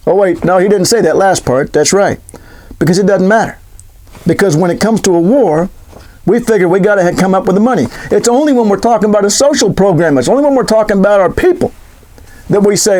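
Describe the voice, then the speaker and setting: A man's voice: high voice, brisk, darkish tone. A middle-aged man giving opinionated solo commentary as a podcast host, sarcastic and mock-questioning, often restarting his words.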